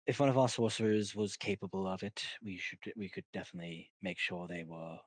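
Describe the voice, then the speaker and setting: A man voicing a weary male leader who talks in a measured, patient way. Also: low voice, fairly even intonation, no echo.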